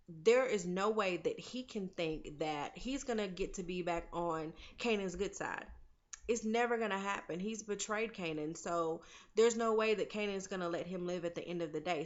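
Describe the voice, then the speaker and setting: A woman's voice: medium pitch, a bit bright, highs cut off. A woman casually recapping a TV episode, opinionated and chatty, talking straight to her viewers as "y'all" and "honey". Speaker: TV recap vlogger.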